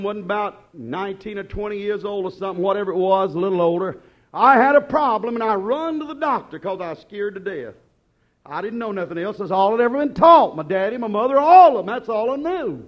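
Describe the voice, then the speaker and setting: A middle-aged man preaching a sermon, telling the story dramatically and acting out quotes before rising to shouts. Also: high-pitched. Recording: dull lo-fi sermon recording.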